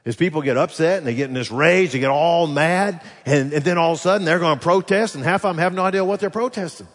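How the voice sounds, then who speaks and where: A man preaching a sermon as pastor, animated, swinging between loud rises and quiet drops as he voices the people's complaints. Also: a little high, fast. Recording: long hall reverb.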